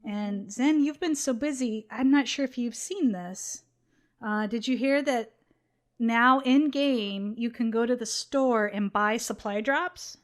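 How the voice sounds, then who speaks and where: A young woman co-hosting a casual gaming podcast, chatty and quick to laugh. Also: fairly high pitch. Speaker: podcast co-host.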